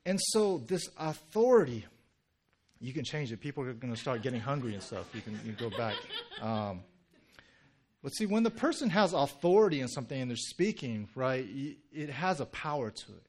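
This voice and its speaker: A man's voice: medium pitch, moderate pace, slight background noise. A young male pastor giving a casual, conversational sermon, full of "you know" and "right?", joking with the congregation. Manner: chatty and animated, heavy "you know" and "right?" fillers, jokes with congregation.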